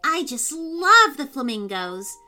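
Jojo, a woman doing a squealing excited little girl. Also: extremely high pitch, unhurried, soft background music, voice pushed up, exaggerated voice. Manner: squealing, loud and gushing. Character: excitable young girl, eager and wish-happy.

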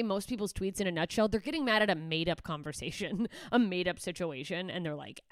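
A woman's voice: on the low side, animated, a little fast, no echo, clean studio sound. A young woman hosting a solo podcast, ranting profanely and sarcastically, slipping into mocking voices, a little congested. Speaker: podcast host.

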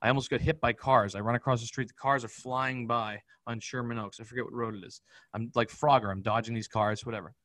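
A man's voice: medium pitch, steady tone, fairly bright tone, dry recording, poor audio. Man telling a wild, profane story. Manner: profane, rapid-fire, vivid recounting. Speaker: podcast guest. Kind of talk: candid storytelling in an interview.

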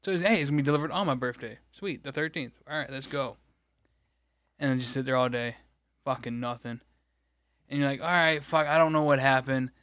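A man's voice: medium pitch, fairly quick, fairly bright tone, no room sound. A man from Michigan, co-hosting a podcast, rambling through an exasperated, profane story in casual chat. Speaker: podcast co-host.

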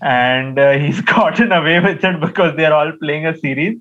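A man's voice: on the high side, fairly bright tone. Teasing man on a dull mic. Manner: teasing, switches fast between Hindi and English. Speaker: podcast co-host. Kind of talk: casual cricket chat.

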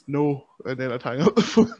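A man's voice: mid-range voice, big pitch swings, fast talker, slightly rough. A man, a guest on a podcast, rambling and joking in sweary casual chat. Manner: rambling, joking, laughs often. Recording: dull lo-fi sound.

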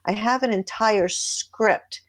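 A woman who writes about relationships, a podcast guest giving advice in a lively way and acting out bits of dialogue as she talks. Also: mid-range voice, slow pace. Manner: animated, acts out dialogue in her stories.

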